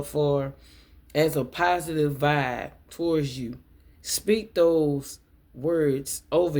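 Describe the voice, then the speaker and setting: A woman's voice: sits low, a little mellow. A woman giving a tarot reading to her viewers, emotional and repeating affirmations as she speaks to them directly. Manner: addresses viewers as y'all. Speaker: tarot reader and coach.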